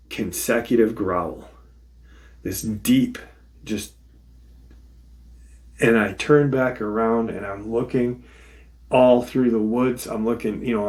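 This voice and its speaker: Speaking at a medium pitch, this man runs a paranormal channel and podcast, relaying a witness's encounter in a casual first-person retelling full of swearing and repeated "he said."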